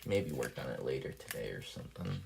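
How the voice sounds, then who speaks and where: A man casually thinking aloud while building paper planes on a live stream, soft-spoken and rambling. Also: extremely low pitch, very animated, fairly quick, vocal fry, very noisy.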